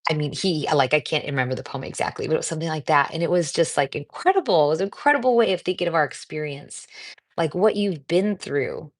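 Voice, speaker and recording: Host: middle-aged woman from the US, low voice, casual and encouraging livestream chat, reads viewer comments. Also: lively intonation, quick pace. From United States. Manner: chatty, warm and encouraging, with frequent fillers. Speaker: cancer coach hosting a livestream.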